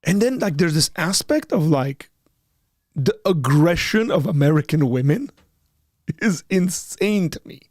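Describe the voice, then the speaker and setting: A man's voice: fairly high pitch, lively intonation, measured pace, darkish tone, no echo, clean studio sound. A man hosting a live call-in panel, talking conversationally and emphatically and telling a personal story. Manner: conversational and emphatic, rising sharply when heated; acts out both sides of remembered dialogue. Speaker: host of a call-in apologetics panel.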